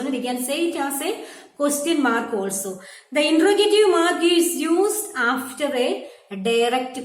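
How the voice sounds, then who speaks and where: A woman teaching a grammar lesson, explaining patiently and repeating herself, with frequent "okay" checks. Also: high-pitched. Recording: echoey room.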